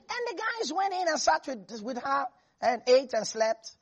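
A preacher delivering a lively sermon, laughing and acting out Bible characters. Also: sits high, breathy edge, dull audio.

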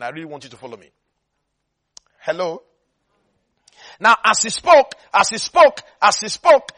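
Man, preacher, sermon, very high voice, bright tone, emphatic repetition. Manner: emphatic repetition, checks listeners follow.

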